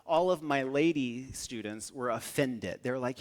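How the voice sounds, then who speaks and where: A young man from the northern United States giving a humorous keynote talk, with a playful, energetic, jokey delivery. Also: mid-range voice, moderate pace. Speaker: conference speaker.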